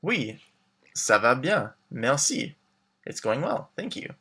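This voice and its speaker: A man teaching a beginner language lesson, modeling phrases slowly and clearly, then glossing them and prompting the learner to answer. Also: mid-range voice, very animated, sharp tone. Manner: clear, slow modeled pronunciation with English glosses. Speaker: French teacher.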